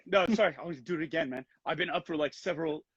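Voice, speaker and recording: A man's voice: a little high, very fast, a bit bright, husky, no room sound, muffled recording. A man from Canada, an actor being interviewed over a video call on a headset, speaking earnestly and thoughtfully, often restarting his sentences.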